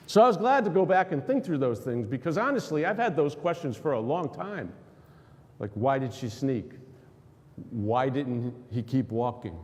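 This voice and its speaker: A man's voice: medium pitch, lively intonation, normal speed, darkish tone. A man preaching a sermon as pastor, asking questions of the congregation and acting out quotes. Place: church sanctuary. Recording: long hall reverb.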